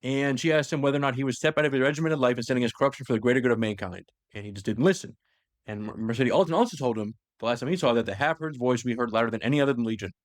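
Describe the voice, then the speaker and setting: A man on a podcast rattling off a long story recap at a quick clip, looping back with "like" and self-corrections as he goes. His voice is close and dry, with almost no room sound around it. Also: medium pitch, dry recording. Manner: rambling storyteller, heavy use of "like", many restarts. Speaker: podcast host. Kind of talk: casual lore recap chat.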